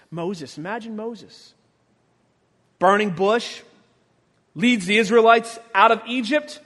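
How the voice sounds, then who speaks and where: Male preacher with a strikingly high voice; a playful sermon, acted-out quotes, loud and soft turns, echoing sanctuary. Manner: humorous storytelling, acting out quotes, swinging from soft to loud. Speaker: pastor. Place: church sanctuary. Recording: long church reverb.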